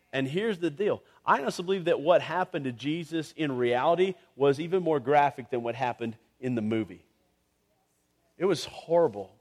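A man preaching a sermon as pastor, earnest and rising to impassioned reading of scripture. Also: fairly high pitch.

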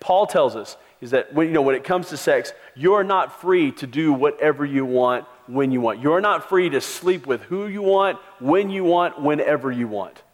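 Male pastor, emphatic sermon delivery, a bit high-pitched, long hall reverb. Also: expressive, moderate pace, few pauses. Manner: emphatic preaching, raising the voice for stress.

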